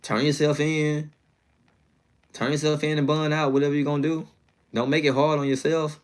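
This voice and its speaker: A man slipping into a firm, motherly older woman, her voice lifted a little higher than his own and kept steady. She presses her point over and over, calm but insistent, the way a mother figure talks sense into her boy. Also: normal speed, clean tone, lightly acted. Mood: urging. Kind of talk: quoted role in a story.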